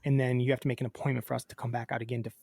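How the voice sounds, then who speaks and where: A man's voice: mid-range voice, little pitch movement, very fast, vocal fry, darkish tone, dry recording, studio quality. A man co-hosting a podcast, chatting casually and acting out a phone call as he tells a story. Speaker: podcast co-host. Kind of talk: casual chat.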